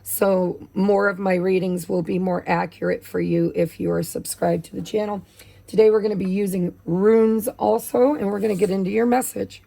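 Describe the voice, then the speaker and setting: A woman with a gravelly voice, losing her voice from allergies, doing a chatty, casual tarot reading. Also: mid-range voice, fairly even intonation, moderate pace, dark tone. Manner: chatty, with many fillers. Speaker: tarot reader.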